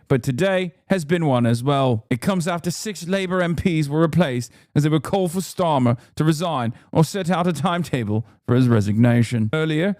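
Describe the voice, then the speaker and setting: A man putting on a British accent to play a grave, brisk male TV news reporter with a formal newsreader cadence. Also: on the high side, darkish tone, no room sound, studio quality, lightly acted. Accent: put-on British.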